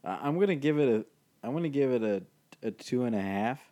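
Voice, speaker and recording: A man's voice: medium pitch, expressive, brisk, dark tone, muffled recording. A man co-hosting a movie podcast in casual chat, hesitant, repeating words and giggling. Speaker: podcast co-host.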